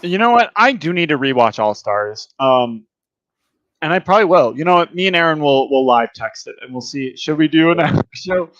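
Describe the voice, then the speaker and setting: Joking young host, muffled dry sound. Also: male voice, fairly high pitch, lively intonation, a little fast, fairly bright tone, no room sound. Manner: joking, playful. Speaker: podcast host. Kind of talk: casual chat.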